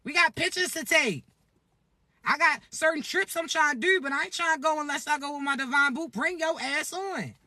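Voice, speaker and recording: High bright voice, woman doing a cussy playful energy reading vlog, dry close sound. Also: normal speed, no room sound. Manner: animated, profane and playful. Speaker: spiritual content creator.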